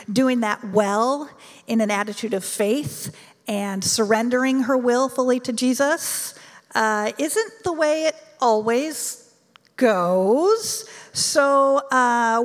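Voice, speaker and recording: Woman, preacher, sermon, earnest and measured, higher voice, echoing hall. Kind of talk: sermon with scripture reading.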